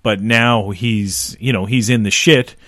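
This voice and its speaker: A man casually chatting through a film commentary, relaxed and swearing, now and then joking in characters' voices. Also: lowish voice, measured pace, no echo, clean studio sound. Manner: laid-back, swearing, does jokey voices of characters. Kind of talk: casual movie commentary chat.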